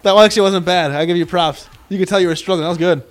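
Man, casual podcast banter, rambling, joking, higher voice. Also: racing. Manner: rambling, joking, stammering restarts, laughs often. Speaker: podcast host.

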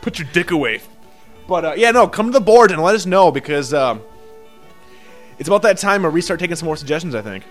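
Young dude podcasting, rambly and sweary, kinda high voice. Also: male voice, expressive, quick pace, soft background music. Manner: rambling, swears a lot, many fillers. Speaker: podcast co-host. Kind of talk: casual podcast chat.

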